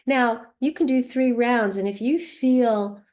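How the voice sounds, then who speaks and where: A woman's voice: on the high side, slow. A middle-aged woman coaching tapping, explaining the steps and acting out her feelings as she demonstrates. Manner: expressive, acts out emotions while teaching. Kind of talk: instructional demonstration.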